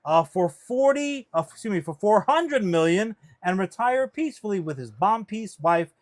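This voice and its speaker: A man co-hosting a casual pop-culture podcast, talking in an animated, profane and rambling way, full of fillers. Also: sits high, moderate pace. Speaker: podcast co-host.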